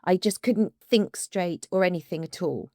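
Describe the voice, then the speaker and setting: A woman, an ADHD coach co-hosting a podcast, talking casually and with emotion, often halting and restarting. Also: on the low side, dark tone, no room sound, studio quality.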